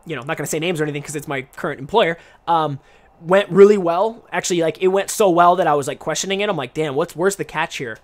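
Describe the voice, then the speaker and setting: Chatty young man, slightly high voice. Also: quick pace. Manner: rambling, chatty, frequent restarts. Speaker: podcast host. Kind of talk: casual live-stream podcast chat.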